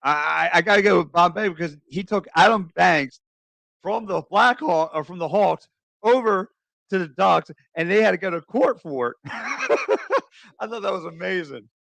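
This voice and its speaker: A man co-hosting a casual sports podcast, talking in a halting way with restarts. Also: sits high, gravelly, a bit bright, no room sound. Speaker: podcast co-host.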